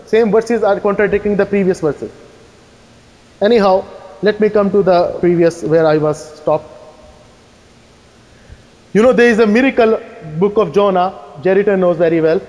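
A man giving a fast, insistent debate rebuttal, firing challenging questions at his opponent. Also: high voice, darkish tone. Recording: echoey hall reverb.

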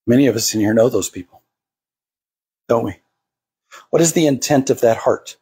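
Husky-voiced man preaching a sermon. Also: medium pitch, moderate pace, pauses often, dark tone. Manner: acts out quoted voices. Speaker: pastor.

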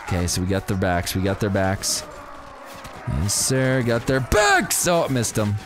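Male gaming host, lowish voice, animated play-by-play, game music underneath. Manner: animated, exclaims often. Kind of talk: excited gameplay commentary.

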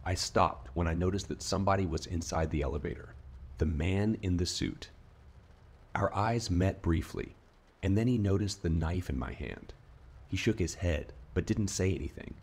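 A man reading a scripted horror story in a steady, measured narrating voice. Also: low voice, breathy edge. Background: faint rain ambience.

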